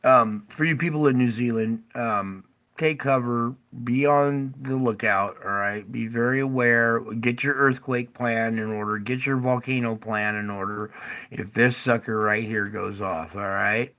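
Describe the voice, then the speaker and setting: A middle-aged earthquake forecaster goes over seismic activity on a map in a slow, casual drawl, repeatedly breaking into fits of laughter. His mid-range voice stays fairly even in intonation but sounds pushed and bright, and the recording is rough.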